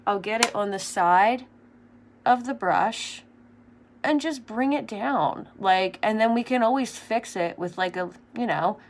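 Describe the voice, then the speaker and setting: A woman's voice: mid-range voice, a little slow. Chatty young woman vlogger. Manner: chatty, rambling, many fillers. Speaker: makeup vlogger. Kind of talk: casual makeup tutorial chat.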